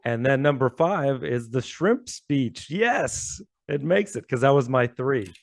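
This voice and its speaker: A man's voice: mid-range voice, lively intonation, a little slow, vocal fry, no room sound. A man co-hosting a casual chat, talkative, laughing often and restarting his sentences. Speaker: co-host.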